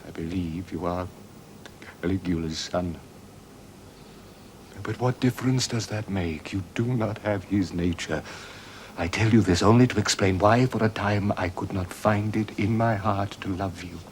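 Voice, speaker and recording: An actor playing an aging Roman emperor and father in a 1970s television period drama, speaking earnestly and haltingly. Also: sits low, a little hiss or hum. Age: older.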